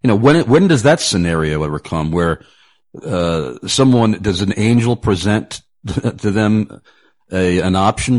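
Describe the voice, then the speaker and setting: Deep-voiced male radio talk host. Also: expressive, measured pace, a little mellow. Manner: chatty, repeats words, laughs easily. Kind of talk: casual radio talk show conversation.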